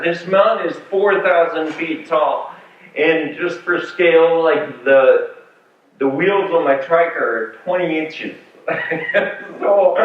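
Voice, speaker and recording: A man telling a personal story in a talk with slides, with many fillers and restarts. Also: fairly high pitch. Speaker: speaker sharing a patient story. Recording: far-off mic in echoey hall, phone-like sound.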